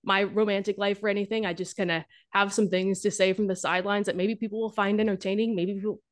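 A woman's voice: mid-range voice, level tone, fast. Chatty young woman, joking about dating. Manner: chatty and humorous, with many fillers and restarts. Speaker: guest, dating content creator. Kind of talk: casual interview talk.

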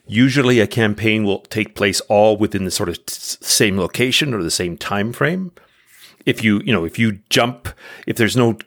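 A man with a fairly low voice explains things casually on a podcast. He backs up and restarts his sentences often as he goes. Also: a bit bright. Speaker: podcast co-host.

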